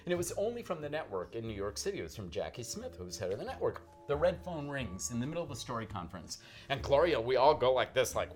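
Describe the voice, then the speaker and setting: A man, a guest author, telling an anecdote in a lively, animated way, acting out the quotes. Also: mid-range voice, brisk, faint music behind.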